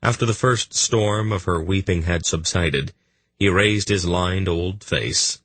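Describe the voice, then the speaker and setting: A man reading a fantasy audiobook in a measured, even storytelling manner. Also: sits low, slightly rough, no echo. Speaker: audiobook narrator. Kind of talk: scripted fantasy narration.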